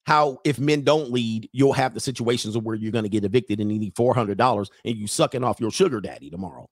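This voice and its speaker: A man's voice: lowish voice, fast, no echo, clean studio sound. A man, a coach hosting a podcast livestream, talking in a blunt, crude and preachy way while he reads chat comments.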